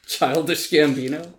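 A man co-hosting a casual podcast, giving animated, opinionated reviews with frequent ums and restarts. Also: fairly high pitch, a little hiss or hum. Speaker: podcast co-host reviewing films and TV. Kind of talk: casual chat.

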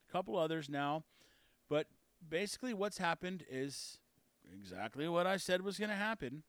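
A man hosts his own podcast and talks through his views in a chatty, folksy style. His voice sits a touch high for a man. The close mic gives it a very dry, intimate sound. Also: no echo. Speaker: podcast host. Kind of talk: solo podcast commentary.

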